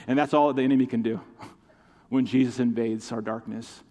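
A man's voice: mid-range voice, fairly even intonation, moderate pace, a little mellow. A man preaching a sermon as pastor, passionate and direct, calling out to his congregation for responses. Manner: impassioned preaching with call-and-response. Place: church sanctuary. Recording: long hall reverb.

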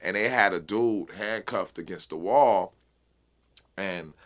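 A man being interviewed as a rap guest, talking casually and with passion, full of street slang and repeated "you know what I'm saying", while high. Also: takes it slowly, fairly bright tone. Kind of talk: casual unfiltered interview talk.

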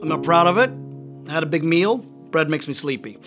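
Peter the fisherman, full of regret, tells his story in an earnest, confessional way, as a man acts him out. The voice sits a bit high for a man. Music plays clearly beneath the dramatic monologue. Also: expressive, fairly quick, close to an everyday voice. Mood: rueful. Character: Peter, remorseful fisherman disciple, middle-aged man. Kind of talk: dramatic first-person monologue. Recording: music underneath the voice. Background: music playing.

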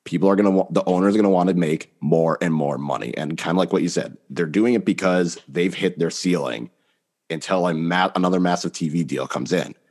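A man's voice: sits low, a little fast, a little mellow. A man with a blunt, casual manner, swearing freely while chatting about soccer on a podcast. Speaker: podcast panelist.

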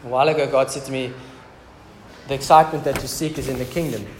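A man's voice: medium pitch, steady tone, quick pace, darkish tone. A man preaching a casual, joking sermon in a church hall. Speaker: pastor. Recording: echoey church hall with background noise.

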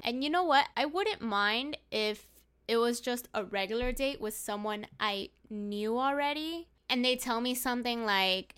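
A woman's voice: a little high, moderate pace, hardly any pauses, clean tone. A young woman telling a bad-date story in casual vlog chat, exasperated and swearing freely, a few drinks in. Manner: exasperated, profane, animated retelling. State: tipsy from drinks.

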